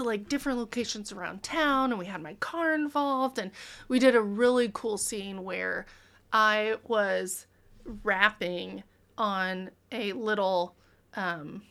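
A woman's voice: medium pitch, fairly bright tone. A woman in her thirties, a podcast guest in casual chat, bubbly, laughing often and acting out her own stories.

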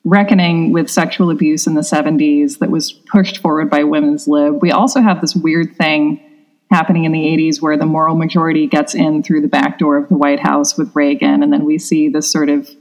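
Woman, podcast guest, lower voice, chatty, wry, lots of fillers. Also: little pitch movement, brisk, a little mellow. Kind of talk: casual conversation.

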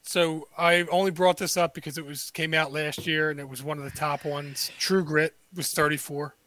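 A man's voice: a little high, little pitch movement, moderate pace, sharp tone. A man hosting a casual podcast chat, rambling through a movie list and swearing freely. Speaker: podcast host.

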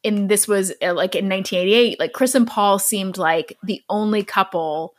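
A woman's voice: mid-range voice, normal speed. A woman hosting a podcast, telling a true story in a chatty, earnest way and laughing easily.

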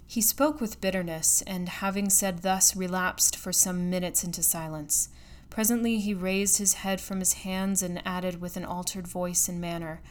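A woman reads a classic tale aloud in a steady, measured audiobook style. Her voice sits a little low for a woman. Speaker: narrator. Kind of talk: audiobook narration.

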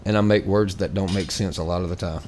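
Rambling low-voiced podcast host. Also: male voice, steady tone, quick pace, a little mellow, a little hiss or hum. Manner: rambling, many fillers and restarts. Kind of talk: casual chat.

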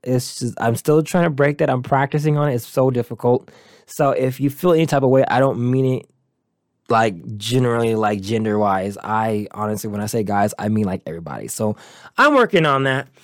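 A man's voice: medium pitch, lively intonation, a little fast, no echo, studio quality. A man hosting a motivational podcast, talking earnestly and encouragingly in a loose, rambling way. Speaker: podcast host.

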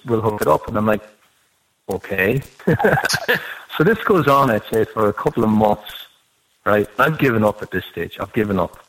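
A man with a fairly low voice, speaking at normal speed over poor audio, tells a rambling anecdote in a casual podcast chat. He's animated and swears freely as he goes.

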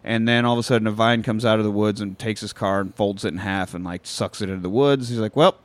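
A man hosting a podcast, casually recapping a film with crude jokes and quick acted-out lines. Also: lowish voice, fairly even intonation, no echo. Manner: profane, jokey, acts out movie lines. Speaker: podcast host.

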